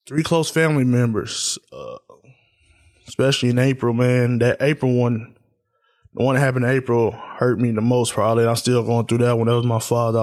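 A man's voice: mid-range voice, a little mellow. Candid, subdued man hosting a solo podcast. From Tennessee. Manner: loose and candid, many fillers like uh and man; subdued, reflective grieving tone. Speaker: podcast host. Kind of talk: solo casual podcast talk.

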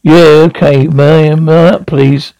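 A man's voice: a little high, little pitch movement, unhurried, creaky, mellow, dry recording, rough recording. A man reading aloud and voicing an impatient, exasperated grown man who bursts out in frustration. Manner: exasperated, raises voice in outbursts.

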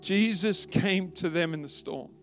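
A man's voice: sits high, unhurried, a bit bright, soft background music. A man preaching a sermon and telling a story with rising emotion, at times close to tears. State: tearful at times. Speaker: pastor.

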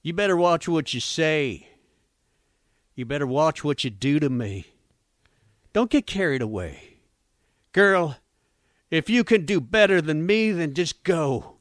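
A man's voice: fairly high pitch, sing-song, measured pace, pauses often, no echo, clean studio sound. A man reading song lyrics in a put-on country accent, drawling and over the top. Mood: hammy. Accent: put-on American country. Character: man crooning rock lyrics as a country singer.

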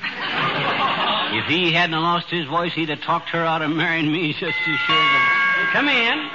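A brash, wisecracking husband. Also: male voice, fairly high pitch, expressive, takes it slowly, lo-fi sound. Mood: boastful. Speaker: comic lead, husband. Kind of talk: 1940s radio comedy acting. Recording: hissy old radio recording.

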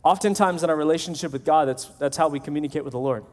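A man's voice: fairly high pitch, very fast. A male pastor preaching a sermon in a conversational way, acting out the voices of the people he quotes.

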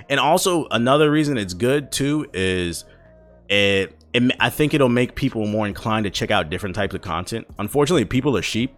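A grown man ranting loudly and profanely, scolding his audience with emphatic repetition. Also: medium pitch, expressive, fairly quick, soft background music. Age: adult. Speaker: vlogger. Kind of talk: profane comedic rant.

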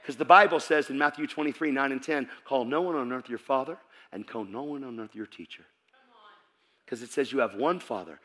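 A man preaching a sermon to a church audience, telling his own story and breaking into shouts. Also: mid-range voice, fairly quick. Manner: animated storytelling that bursts into shouting. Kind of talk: sermon with personal testimony.

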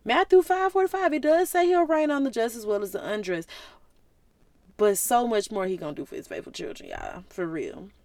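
Animated woman preaching casually. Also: on the high side, a little fast, dry recording. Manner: colloquial, animated, conversational. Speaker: Christian vlogger.

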